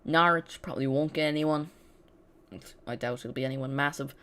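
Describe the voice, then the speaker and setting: Football watch-along host, chatty and loose, talks straight to the chat, mid-pitched voice. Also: steady tone, moderate pace, pushed and bright, smooth. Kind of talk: casual live watch-along commentary.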